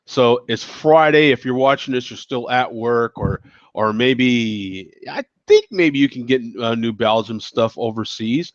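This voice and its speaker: A man's voice: mid-range voice, a little slow, no echo. Laid-back man with a slightly congested voice. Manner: laid-back, rambling, peppered with "you know what I'm saying". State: slightly congested from a summer cold. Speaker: host of a live beer-tasting show. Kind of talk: casual beer review chat. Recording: dull lo-fi dry sound.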